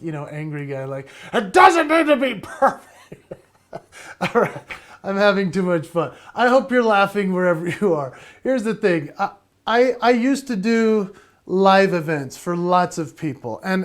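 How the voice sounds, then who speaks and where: A man giving a playful, energetic virtual keynote from his home, laughing often and slightly out of breath. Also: high-pitched. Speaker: motivational speaker and entertainer.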